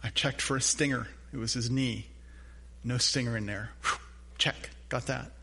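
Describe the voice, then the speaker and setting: Bright-voiced older male pastor preaching. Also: mid-range voice, fairly even intonation, normal speed, vocal fry, husky. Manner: earnest, conversational preaching with asides. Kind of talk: sermon.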